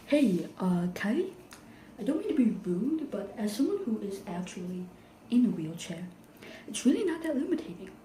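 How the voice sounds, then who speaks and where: A woman's voice: mid-range voice, very animated, moderate pace, dark tone, reverberant, slight background noise, rough recording. A woman delivering an improvised, sarcastic and emphatic rant to camera, lecturing in a pointed tone. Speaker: vlogger.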